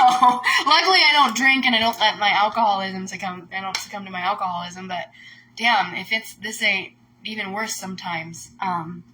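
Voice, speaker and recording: Bright-voiced woman hosting a livestream. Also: medium pitch, slight background noise, poor audio. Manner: emotional, rambling, many "like" fillers. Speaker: host. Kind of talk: casual livestream talk. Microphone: phone or webcam on a livestream.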